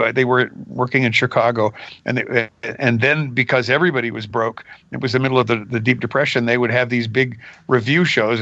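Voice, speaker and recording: An older man, a voice actor being interviewed, telling stories in a casual, animated way and dropping into character voices. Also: medium pitch, dry recording, muffled recording. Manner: animated, jumps into character voices mid-story. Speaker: voice actor guest.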